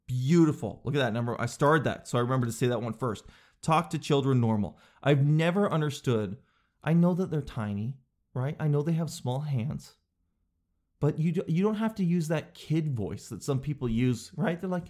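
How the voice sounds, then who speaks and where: A man delivering a comedic monologue, sarcastic, breaking into high silly voices to mock people. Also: lively intonation, moderate pace, a little mellow.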